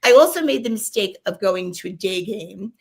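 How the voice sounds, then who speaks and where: A woman's voice: mid-range voice, normal speed, creaky. A middle-aged woman guest with a New York accent, chatting animatedly on a video-call podcast with lots of fillers. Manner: animated, rambling with fillers and excited exclamations. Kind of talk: casual storytelling on a podcast.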